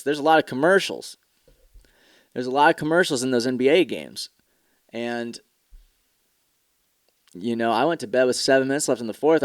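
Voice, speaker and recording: This is a man hosting a casual solo podcast, his talk candid, rambling and peppered with profanity. His pitch sits mid-range. The sound is close and dry, with no room around it. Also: no room sound. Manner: candid, profane, rambling with mock commercial voices. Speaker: podcast host.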